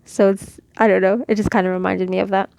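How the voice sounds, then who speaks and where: Woman teacher, gravelly tone, dry close sound, patient demonstrating delivery. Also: medium pitch, little pitch movement, fast talker, darkish tone, no room sound. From Mexico. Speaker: Quran reading teacher. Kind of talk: casual instructional lesson.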